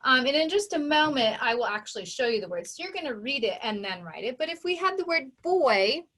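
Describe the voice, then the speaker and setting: A high, sing-song, slightly bright voice carries this recorded phonics lesson for young children. The woman teaching it gives patient step-by-step instructions and enunciates every sound carefully.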